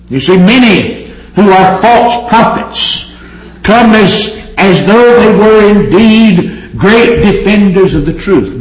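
Earnest preacher with a high-pitched voice. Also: male voice. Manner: earnest, emphatic, stresses words with slow drawn-out phrases. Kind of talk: sermon. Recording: echoey room.

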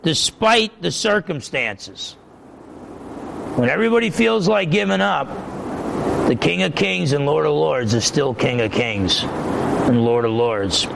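A man's voice: a little high, lively intonation, a little slow, vocal fry, pauses often, noisy background. A man preaching as a pastor, making his points emphatically and repeating them, his voice climbing when he gets stirred up. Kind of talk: sermon.

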